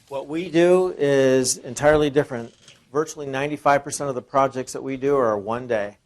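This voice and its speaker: A man presenting at an informal seminar, talking conversationally and asking the audience rhetorical questions, often repeating and restarting phrases. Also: mid-range voice. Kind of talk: informal sales seminar talk.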